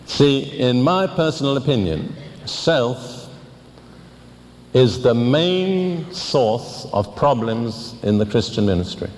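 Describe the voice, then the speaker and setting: An older man preaching a sermon, teaching deliberately and asking pointed questions. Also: mid-range voice, animated, darkish tone, big-room sound, slight background noise.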